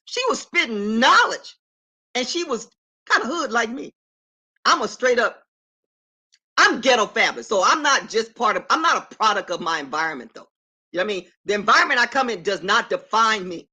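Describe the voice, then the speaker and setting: A woman's voice: on the high side, lively intonation, moderate pace, pushed and bright, slightly rough. A middle-aged woman on a casual live stream from her apartment, talking emphatically and affirming herself while greeting viewers by name.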